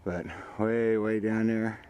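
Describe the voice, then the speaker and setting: A man's voice: lowish voice, monotone, slow, dark tone, clear, resonant tone, poor audio. An older man, hosting a hunting show outdoors by a field and rambling folksily about the hunt and his sponsors. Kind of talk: casual outdoor commentary.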